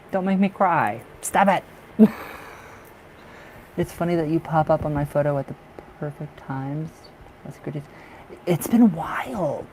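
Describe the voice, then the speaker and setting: A man doing a live tarot reading, chatty and excitable, who laughs often and fills his talk with restarts. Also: a little high, gravelly, a little hiss or hum, low-quality recording. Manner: chatty, with many fillers and restarts. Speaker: tarot reader.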